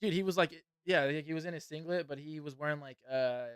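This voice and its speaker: A young man hosting a casual podcast, his voice sitting a little high and coming across clean and smooth. He swears freely and laughs his way through a wild story. The sound is dry, with no room in it. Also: fast, no room sound. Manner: profane, laughing, excited storyteller. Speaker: podcast host. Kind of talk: casual storytelling and fight commentary.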